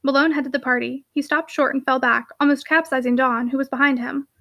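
A woman reading a classic novel aloud in a brisk, lively narration. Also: sits high. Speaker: audiobook reader.

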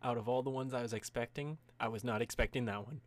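A man's voice: quick pace, background noise. A man in casual tabletop game chat, rambling and swearing as he invents a character. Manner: profane, rambling, breaks into high squealing voices for jokes.

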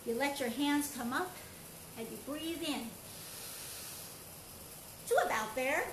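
Upbeat high-voiced woman coaching a class. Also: takes it slowly. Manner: upbeat, playful, coaching with counts and shouts. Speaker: karate and movement instructor. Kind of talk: live online exercise class. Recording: echoey room with faint ambient noise.

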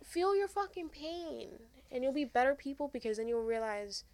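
A woman's voice: sits high, expressive, normal speed, darkish tone. A young woman hosting a podcast, giving frank, earnest advice in casual chat and swearing freely. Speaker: podcast host.

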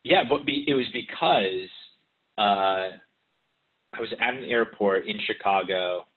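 A man's voice: on the low side, measured pace, narrow, tinny audio. A man from the car industry, chatting on a podcast and rambling with many restarts. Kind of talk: casual podcast chat.

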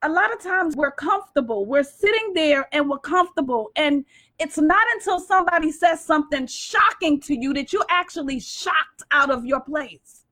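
A woman's voice: high-pitched, expressive, moderate pace, pushed and bright. A woman co-hosting a faith discussion, speaking in an emphatic preaching style with call-and-response. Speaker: co-host.

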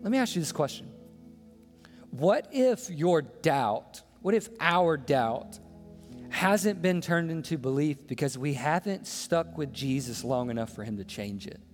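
A man's voice: fairly high pitch, expressive, unhurried. A man preaching a sermon as pastor, impassioned, asking the congregation rhetorical questions. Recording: long hall reverb with faint music.

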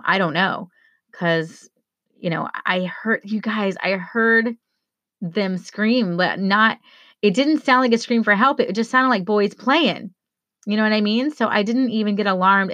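A woman in her thirties, shaken and choked up, telling her viewers what she saw, halting with many fillers and restarts. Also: mid-range voice, fairly bright tone, no room sound, lo-fi sound. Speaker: vlogger. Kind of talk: emotional personal account to viewers.

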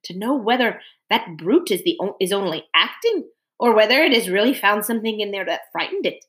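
A woman voicing a suspicious male dwarf, speaking in a hushed, wary way. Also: medium pitch, lively intonation, brisk, natural voice.

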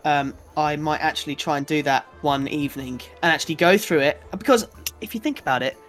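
A young man with a British accent chats loosely as co-host, wandering through his thoughts with casual swearing and easy laughs. His voice sits a little high, and soft music plays faintly behind him. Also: a little fast. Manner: rambling, chatty, swears casually, laughs often. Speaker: podcast co-host. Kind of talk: casual chat.

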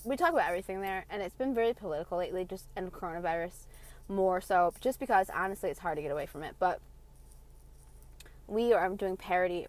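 A young woman hosting her own podcast, delivering a passionate, sarcastic, profanity-laced rant. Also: medium pitch. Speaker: podcast host. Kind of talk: ranting monologue.

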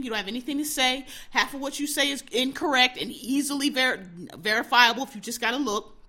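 A young woman hosts her own podcast, ranting with blunt, profane heat and sarcastic mockery. Her voice sits fairly high and rings bright and forceful. She speaks in a casual solo commentary style. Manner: sarcastic mocking impressions of others. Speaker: podcast host.

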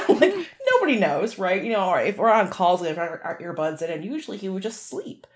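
A woman's voice: mid-range voice, very animated, a little fast. A woman chatting casually on a podcast, telling a story, laughing often and swearing freely.

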